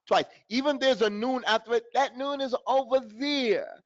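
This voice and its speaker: A high-pitched man teaching a recitation class, lively and direct, who acts out his students' mistakes and chants verses slowly for them to repeat. The sound is dull and lo-fi, with muffled highs. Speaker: tajweed teacher. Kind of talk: live online recitation lesson.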